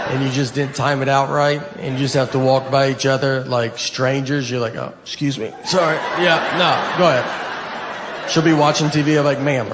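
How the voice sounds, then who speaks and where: Deadpan Southern comic on a live stage. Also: male voice, medium pitch. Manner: dry, deadpan storytelling with a Southern drawl. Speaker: stand-up comedian. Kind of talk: stand-up comedy set. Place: theater stage before a laughing audience. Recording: live hall recording with long reverb and audience noise.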